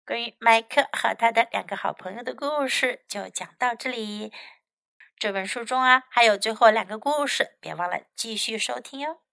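A woman English teacher telling a children's story to learners, reading slowly and expressively and explaining lines in between. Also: a little high, creaky, no room sound, low-quality recording. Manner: slow, expressive read-aloud. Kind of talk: bilingual story lesson for learners.

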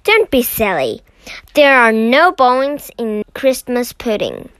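A bluff, impatient middle-aged father exclaims in brisk bursts, as a woman reading a storybook puts him on. The recording is dry and close. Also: on the high side, huge pitch swings, a bit bright, smooth, no room sound, full character voice.

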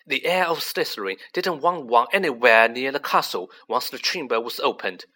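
A man reading aloud, voicing an excited young male student who reasons urgently and eagerly. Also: medium pitch, moderate pace. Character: excited boy wizard, quick-thinking young male student.

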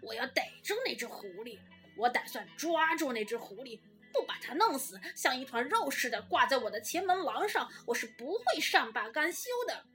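A woman voicing an angry, vengeful male farmer in a storybook reading, shouting in a raised voice. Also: sits high, animated, brisk, faint music behind. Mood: furious. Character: grumpy filthy male farmer, furious.

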